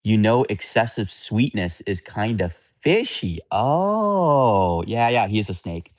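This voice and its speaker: A man's voice: lowish voice, normal speed, no room sound, studio quality. A man hosting a livestream, chatting casually with viewers in a candid, rambling, blunt way. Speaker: livestream host.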